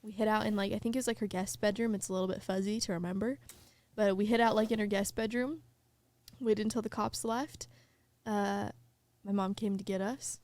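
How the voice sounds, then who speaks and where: A woman's voice: medium pitch, fairly quick, no echo. A young woman hosting a podcast, telling a story animatedly with lots of "like" and laughter. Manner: animated storyteller, heavy use of "like", laughs mid-sentence. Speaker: podcast host. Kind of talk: casual chat, storytelling.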